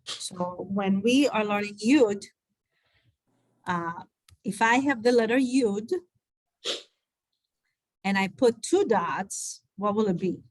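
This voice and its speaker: A woman's voice: mid-range voice, slow pace, pauses often, dry recording. A woman from Israel teaching an online Hebrew class over a video call, patiently repeating letter sounds with chatty asides.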